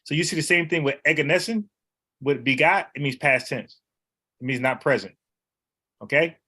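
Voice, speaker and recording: A man's voice: a little high, moderate pace, pushed and bright, slightly rough. A man teaching in a casual, conversational way, repeating words and explaining letters one by one. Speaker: Bible teacher.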